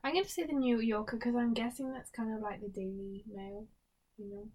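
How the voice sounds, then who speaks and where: Giggly young woman, bright-ish voice. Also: fairly high pitch, fairly even intonation, a little fast, poor audio. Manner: chatty, giggly, reads results aloud. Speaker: host. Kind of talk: casual chat doing online quizzes.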